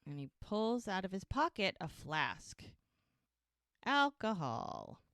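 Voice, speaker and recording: A woman's voice: medium pitch, very animated, slow, fairly bright tone, no echo, clean studio sound. A woman co-hosting a podcast, casually recapping a TV episode scene by scene and acting out the characters' lines. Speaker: podcast co-host.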